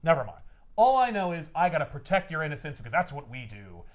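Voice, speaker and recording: A man's voice: a little high, sing-song, fast. A man doing a frantic, manic symbiote monster. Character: unhinged male alien symbiote antihero, overprotective. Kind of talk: casual comic recap with acted lines.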